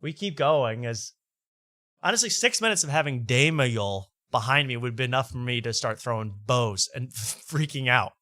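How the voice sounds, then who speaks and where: Bright, dry-voiced male commentary host. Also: medium pitch, animated, normal speed, dry recording. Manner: wry, mocking, laughs as he talks. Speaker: host reacting to podcast clips. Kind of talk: casual commentary.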